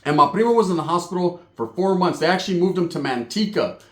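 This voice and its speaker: A man telling a crude comic story in a profane, animated way, mixing in Spanish words. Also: high-pitched, quick pace, reverberant. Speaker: storyteller host.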